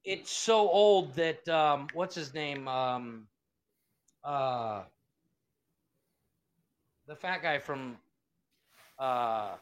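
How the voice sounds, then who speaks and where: A man's voice: mid-range voice, extremely slow, pauses often. A man co-hosting a podcast in casual chat, rambling and swearing, often trailing off while he searches for names. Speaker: podcast co-host.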